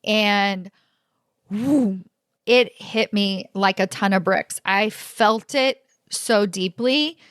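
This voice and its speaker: A woman in her forties telling a personal story to her audience, animated and expressive. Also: medium pitch, very slow, clean tone, no echo, studio quality. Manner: animated, expressive, laughs often. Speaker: career coach and host.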